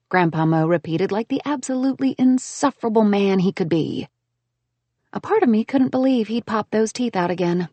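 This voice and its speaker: Expressive woman audiobook narrator. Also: medium pitch, normal speed, no room sound. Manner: expressive, animated. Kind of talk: first-person audiobook narration.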